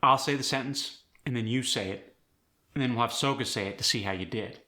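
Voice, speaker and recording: A man teaching an accent tutorial in a clear, demonstrative and encouraging way. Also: medium pitch, brisk, pushed and bright. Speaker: accent coach.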